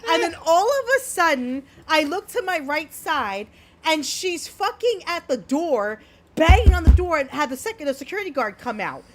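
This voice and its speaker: A woman's voice: high-pitched, big pitch swings, normal speed, slight background noise. A young adult woman co-hosting a casual podcast chat, telling a brash story and swearing freely. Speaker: podcast co-host.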